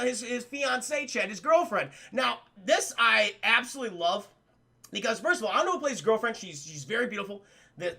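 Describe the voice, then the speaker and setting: Very high-pitched, gravelly-voiced man. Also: pushed and bright. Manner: rambling, profane, addresses chat often, laughs a lot. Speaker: film reviewer streaming to chat. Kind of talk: casual spoiler review chat.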